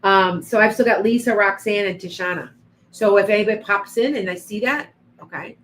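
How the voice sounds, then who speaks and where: A woman's voice: mid-range voice, brisk, fairly bright tone, slight background noise, poor audio. A woman doing psychic readings on a livestream, chatting to viewers by name with frequent restarts. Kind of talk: live-stream reading and chat.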